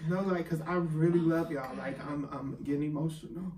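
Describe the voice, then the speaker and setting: A man's voice: on the high side, steady tone, a little fast, dark tone. A man co-hosting a casual chat show, speaking in a heartfelt, emotional way. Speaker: podcast co-host. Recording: echoey room, mic at a distance, faint ambient noise.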